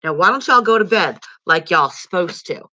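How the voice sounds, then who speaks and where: A woman reading aloud, voicing a stern older brother who talks firmly and in a hushed way. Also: fairly low pitch, lively intonation, normal speed.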